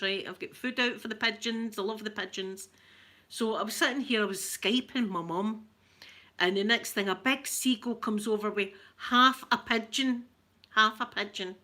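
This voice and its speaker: Bright-voiced chatty Scottish woman. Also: fairly high pitch. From Scotland. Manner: chatty, animated storyteller. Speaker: ASMR channel host. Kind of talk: casual livestream chat.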